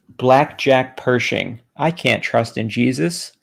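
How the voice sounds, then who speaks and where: Deadpan, mocking male streamer. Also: medium pitch, drawn-out words, gravelly, husky. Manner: mocking, deadpan asides, frequent restarts. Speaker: streamer reading a book aloud. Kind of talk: sarcastic live-stream commentary.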